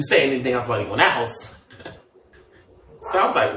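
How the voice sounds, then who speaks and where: A man's voice: medium pitch, very animated, moderate pace, pushed and bright, roomy sound, distant mic, slight background noise. A man chatting casually on a livestream, sassy and gossipy, with many fillers and asides.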